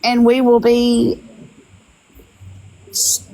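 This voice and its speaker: A woman's voice: fairly high pitch, monotone, drawn-out words, warm tone, rough recording. Firm woman calling for respect. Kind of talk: live stream chat.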